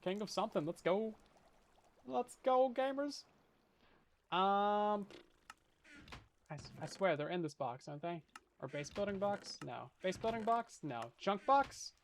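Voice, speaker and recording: Young canadian guy streaming, high voice that bounces all over, jokes at himself, chats w/ chat. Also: lively intonation, normal speed, a little hiss or hum. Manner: jokey, self-deprecating, chatty with viewers. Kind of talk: casual gameplay commentary. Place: hot bedroom.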